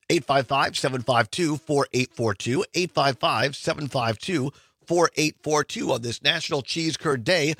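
Lively, chatty radio host man from Wisconsin. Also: medium pitch, no echo, clean studio sound. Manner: chatty, enthusiastic, rambling with restarts. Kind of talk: casual talk radio. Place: radio studio.

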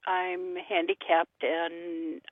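An older woman, a grandmother, calling into a radio show and talking slowly with pauses. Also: lowish voice, level tone. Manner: slow, halting with fillers. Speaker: caller. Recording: tinny phone line.

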